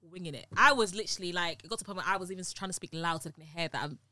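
A woman's voice: on the low side, rapid-fire, crowd noise. A young British woman from the UK, chatting as a podcast guest and acting out quoted dialogue as she tells stories. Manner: animated storyteller, acts out quotes. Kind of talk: casual podcast chat.

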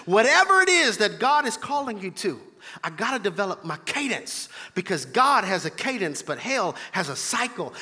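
A man's voice: extremely high pitch, pushed and bright, big-room sound. A man preaching a sermon as pastor in a church, emphatic and repetitive, calling out to the congregation. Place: church sanctuary.

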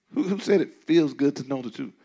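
A man preaching a sermon as pastor, talking to the congregation in a conversational way with many restarts, dropping to quiet asides and rising to loud, emphatic declarations. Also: on the high side, a little hiss or hum. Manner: frequent stammering restarts.

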